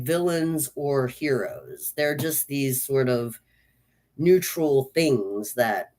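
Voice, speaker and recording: A woman giving a casual spoken movie review, chatty and enthusiastic, with lots of "like" and "um". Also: low-pitched.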